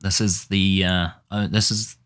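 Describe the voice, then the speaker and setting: A man with a low, deep voice talks through a football management game in an unhurried drawl. He grumbles, swears and mutters at his team in exasperation. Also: flat delivery, a bit bright, clean tone. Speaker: gaming YouTuber. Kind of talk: casual gameplay commentary.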